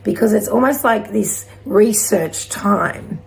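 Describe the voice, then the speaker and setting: A woman leads a spiritual card reading in a gentle, encouraging way. Her voice sits in the middle of the range and carries heavy vocal fry throughout. She drifts between thoughts in a loose, rambling flow. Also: mid-range voice, slow pace, slight background noise. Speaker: intuitive card reader.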